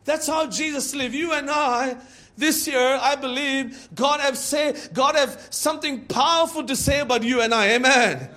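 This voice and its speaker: Preaching to his congregation at a moderate pace, this very high-pitched pastor swings from shouting to quiet asides. He restarts often and leans heavily on fillers.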